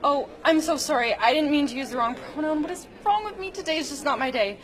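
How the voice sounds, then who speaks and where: A high, breathless young woman , as an actress plays her who gushes and apologizes too much. She fawns over everything in an overly eager sketch-comedy voice. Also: animated, quick pace, a crowd in the background. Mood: flustered.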